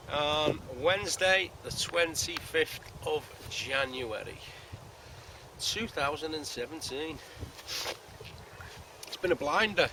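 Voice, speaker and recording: A man, rambling and joking in casual chat to camera while fishing at a lake. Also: fairly high pitch. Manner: rambling, chatty, jokey. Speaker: carp angler vlogger. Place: outdoors by a lake, winter fishing camp. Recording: noisy outdoor recording.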